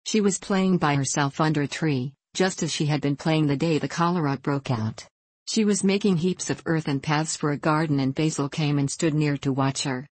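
An audiobook narrator reading a classic children's novel in a measured, even way. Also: mid-range voice, dry recording. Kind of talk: scripted narration.

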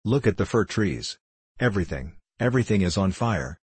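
A man reading aloud, voicing an eager, tender-hearted little mountain girl who exclaims excitedly. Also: low voice, measured pace, breathy edge, no echo, full character voice.

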